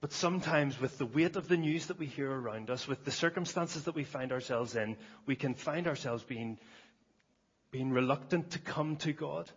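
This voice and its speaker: A man's voice: medium pitch, moderate pace, breathy edge, highs cut off. A man preaching a sermon at a church service, earnest, often repeating words as he starts a phrase.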